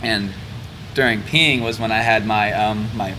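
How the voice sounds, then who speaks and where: A man's voice: on the low side, fairly even intonation, measured pace, bright, forceful tone, a little hiss or hum, low-quality recording. A young man guesting on a podcast, laid-back and rambling, chuckling as he tells a story. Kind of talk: casual chat, storytelling. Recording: noticeable room ambience.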